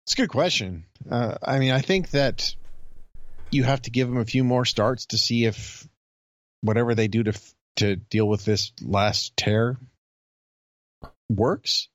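A man's voice: mid-range voice, measured pace, long pauses. A man with a mid-range voice co-hosts a sports podcast and trades dry, sardonic quips. His voice sounds close and dry, with no room echo around it. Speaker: podcast co-host. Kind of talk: casual sports chat.

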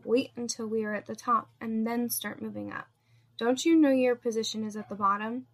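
A woman's voice: fairly high pitch, fairly even intonation, fairly quick. A woman reading as a cold, commanding woman. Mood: stern.

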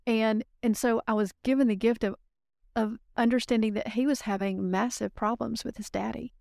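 A woman guest on a podcast, telling client stories in a lively, casual way and acting out the voices of the people she quotes. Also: on the high side, moderate pace, vocal fry, no echo, studio quality. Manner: animated storyteller, acts out quoted voices. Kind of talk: casual interview storytelling.

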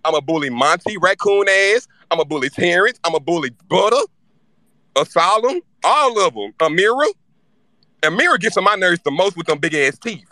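Man guest, bright forceful voice, fast irritated rant, swears freely. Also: high-pitched, lively intonation, dry recording. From Louisiana. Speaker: live-stream guest speaker. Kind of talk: casual fan chat.

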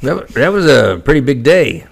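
A man in his seventies, a retired Marine officer on a podcast, speaking haltingly with pauses and restarts. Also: medium pitch, big pitch swings, creaky. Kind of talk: casual conversation.

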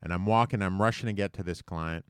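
A man's voice: low-pitched, fast, smooth, no room sound, studio quality. Man casually telling a rambling story. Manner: rambling, self-mocking, with fillers. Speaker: podcast co-host. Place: basement studio. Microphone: large studio microphone.

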